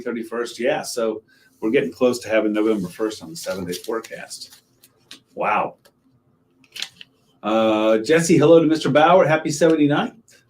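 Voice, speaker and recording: A man, a TV meteorologist giving a casual live weather update, chatting and joking with viewers and greeting them by name. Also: mid-range voice. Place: TV station weather set.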